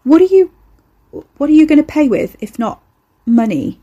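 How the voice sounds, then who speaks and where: A woman's voice: high-pitched, big pitch swings, normal speed, dark tone, muffled recording, pitched above the performer's own voice. A woman voicing a frazzled, bruised young woman who talks in an incredulous, exasperated way.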